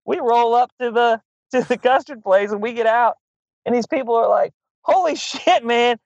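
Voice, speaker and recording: A man's voice: extremely high pitch, steady tone, normal speed, a little mellow, dry recording, lo-fi sound. A man telling a long funny story in casual chat, swearing freely and laughing often. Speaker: podcast guest.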